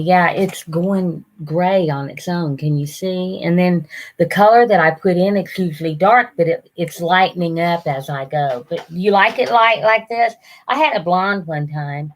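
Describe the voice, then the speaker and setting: An older woman, chatting casually on a live stream, rambling and halting with lots of fillers. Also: lowish voice. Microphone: computer camera mic.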